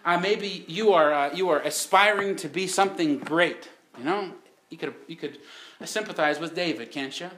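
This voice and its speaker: A man's voice: fairly high pitch, moderate pace, sharp tone, reverberant, slight background noise. A man preaching a sermon, telling the story in a folksy way with rhetorical questions.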